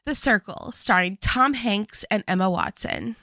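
A woman's voice: mid-range voice, measured pace, pushed and bright, no room sound, clean studio sound. A woman co-hosting a podcast, explaining a film plot with wry asides. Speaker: podcast co-host. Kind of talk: casual recap chat.

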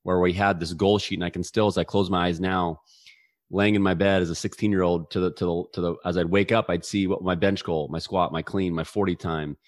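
A man's voice: deep voice, fairly even intonation, fairly quick, no echo, studio quality. A man in his forties telling a personal story as an interview guest, earnestly, with frequent restarts and repeated words. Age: 40s.

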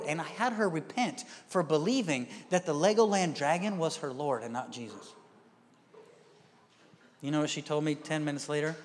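A man preaching a sermon as a pastor, telling stories with acted-out quotes and often asking the crowd if they are with him. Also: a little high. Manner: storytelling, acts out quoted voices; asks the crowd "are you with me?". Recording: long hall reverb.

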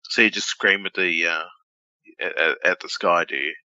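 A man's voice: low-pitched, normal speed, sharp tone, dry recording, muffled recording. A man co-hosting a podcast in a blunt, joking, swearing way. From Australia. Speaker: podcast co-host. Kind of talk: casual chat.

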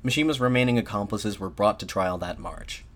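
A man giving a scripted historical narration in a steady, measured reading with occasional restarts. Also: on the low side.

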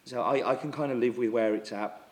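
Brisk and medium-pitched, this coffee subscription show host talks over a slight hiss or hum. He keeps things relaxed and chatty as he reads viewer comments, leaning on plenty of fillers and clearing his throat often.

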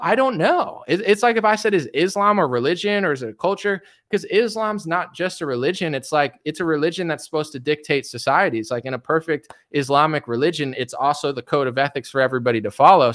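A man's voice: on the high side, a bit bright. A man giving a casual, rambling rant as a streamer. He often stumbles, repeats words and restarts sentences. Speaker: political commentary streamer.

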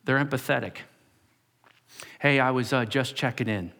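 A man's voice: mid-range voice, normal speed, creaky. A male pastor giving a sermon to his church, acting out quoted voices and dropping to whispers for emphasis. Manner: animated, acts out quoted voices, drops to whispers.

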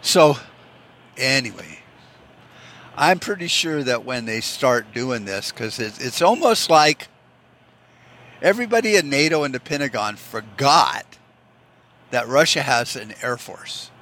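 A man with a bright, forceful voice holds forth alone on his podcast, blunt, sarcastic and quick to swear. Faint vehicle noise hums behind him. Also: medium pitch, expressive. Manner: acts out others in mocking quoted voices. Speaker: podcast host. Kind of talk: opinionated solo podcast rant.

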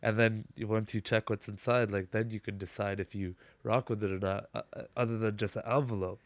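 A man's voice: lowish voice, little pitch movement, a little fast, no room sound. A man hosting a podcast in casual conversation, laid-back and slangy, with enthusiastic reactions. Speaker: podcast host.

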